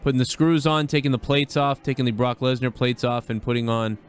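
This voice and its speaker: A man's voice: medium pitch, fairly even intonation, fairly quick, a little hiss or hum. A man hosting a live wrestling talk show, rambling casually with many ums and uhs.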